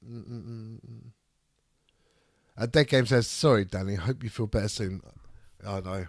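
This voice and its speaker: A man with a raspy voice from a cold, chatting casually on a live stream and reading chat aloud. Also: fairly low pitch, steady tone, slow pace, pauses often, no room sound, studio quality. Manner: reads chat aloud, rambling and swearing. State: ill with a cold, raspy throat. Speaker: streamer hosting a debate.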